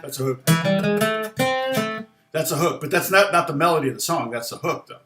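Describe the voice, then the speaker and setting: A man talks through a songwriting lesson in a slightly high voice, rambling and restarting his sentences. He sometimes softly sings a lyric line to show his point. The sound is roomy and echoey. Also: expressive, soft background music. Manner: rambling, halting, many restarts and fillers. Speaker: guitar teacher. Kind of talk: casual livestream lesson.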